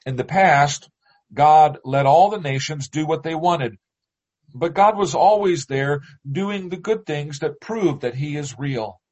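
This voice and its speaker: A pastor reading a Bible passage aloud in a measured, deliberate way, then leading a prayer. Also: male voice, a little high, a little mellow, muffled recording.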